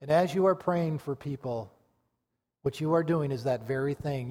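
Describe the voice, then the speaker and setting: A male pastor preaching a sermon with fervor, rising loud and then dropping to a hush. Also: medium pitch, moderate pace. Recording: long reverb of a large church hall.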